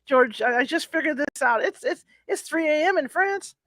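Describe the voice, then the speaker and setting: A woman hosting a live stream in a casual, excitable way, talking fast when she gets thrilled. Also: sits high, no echo. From half Mexican, half Hungarian heritage. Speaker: show host.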